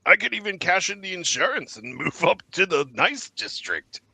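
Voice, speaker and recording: Brief: man voicing a jovial, unflappable male bartender, lively and bright. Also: high-pitched, normal speed, gravelly, breathy edge, no echo, voice pushed up, heavily acted. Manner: easygoing and dry-humored.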